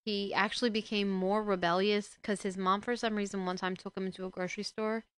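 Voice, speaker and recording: A woman casually retelling a book and commenting on it, growing indignant and loud as she scolds a character. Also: medium pitch, level tone, fairly quick, clean tone. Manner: indignant, gets loud and heated when scolding the father. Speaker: book discussion host.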